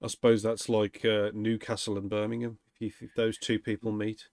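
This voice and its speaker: A man hosts a relaxed livestream, his voice gravelly and his tone playful. He teases and laughs easily, recorded dry and close to the mic. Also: fairly low pitch, normal speed, no room sound. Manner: playful, teasing, laughs often. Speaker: livestream host. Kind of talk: casual livestream chat.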